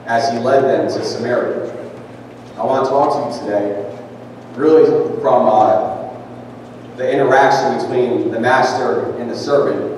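Man, pastor, sermon, mid-pitched voice, very echoey sanctuary, faint room noise. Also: fairly even intonation, a little mellow. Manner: conversational preaching, reads scripture slowly. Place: large church sanctuary. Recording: echoey church hall from far off.

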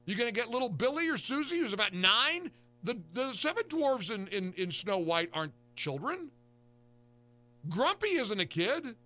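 A man's voice: very high voice, very animated, normal speed, sharp tone. A man commenting casually in an incredulous, joking way, stammering through his questions.

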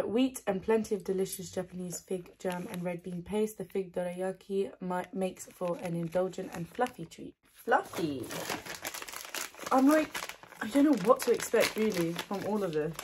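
A woman doing ASMR snack tasting, soft-spoken, giggly and gushing into a close microphone. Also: mid-range voice, a little hiss or hum. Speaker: ASMR creator.

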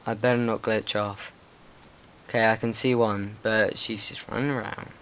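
A man's voice: fairly low pitch, little pitch movement, moderate pace, a bit bright, slight background noise. A young man hosting a gaming channel, giving casual, nervous, rambling commentary and talking to the zombies in his game.

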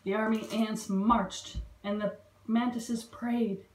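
A woman librarian reading a picture book aloud to young children, expressive and stopping to ask them questions. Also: on the high side, slow pace. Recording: roomy echo.

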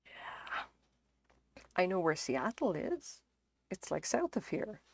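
A woman's voice: fairly low pitch, big pitch swings, a little slow, slight background noise. A woman chatting casually on a live stream, rambling and self-deprecating, swearing freely as she talks. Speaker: livestreamer. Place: home craft stream setup.

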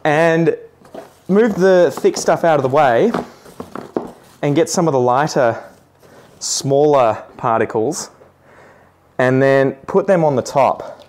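A man's voice: a little high, slow, long pauses, a little mellow, slight background noise. Chatty Australian man repotting plants. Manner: chatty, self-deprecating, joking asides to viewers. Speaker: plant vlogger. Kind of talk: casual how-to narration while repotting.

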